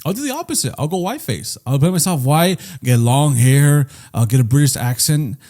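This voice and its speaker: Animated, rambling male podcast host. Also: on the high side, normal speed. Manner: rambling, profane storytelling with laughs. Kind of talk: casual comedic chat.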